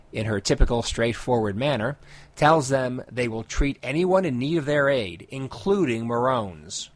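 A man co-hosting a podcast, reading a steady story recap and then chatting with a few fillers. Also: mid-range voice. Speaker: podcast co-host summarizing comics. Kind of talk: recap narration and casual chat.

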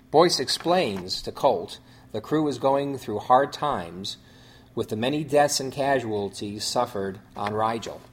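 A man hosting a show, reading out a story synopsis in measured phrases with small restarts. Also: medium pitch, slightly rough.

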